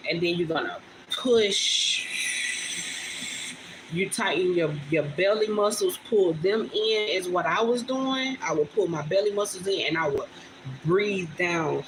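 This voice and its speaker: In a voice on the low side, a young vlogger speaks from home to her livestream audience, chatting with feeling and calling them y'all. It's recorded on a phone, with clear background noise behind her heartfelt, casual talk.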